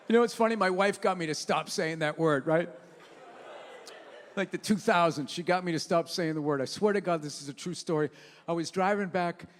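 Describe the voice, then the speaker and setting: A man's voice: fairly high pitch, fairly quick, in a large hall, a little hiss or hum. A man doing a stand-up comedy set, telling profane stories in a brash, ranting way. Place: comedy stage before an audience.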